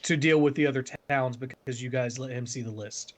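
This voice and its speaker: A man's voice: mid-range voice, fairly even intonation, a little fast. A man running a tabletop role-playing game as game master on a livestream, with a dry, teasing manner.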